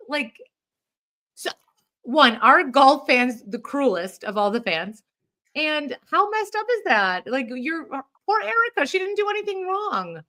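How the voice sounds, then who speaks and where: Chatty, animated woman podcast co-host. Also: sits high. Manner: chatty, animated, quick asides. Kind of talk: casual chat.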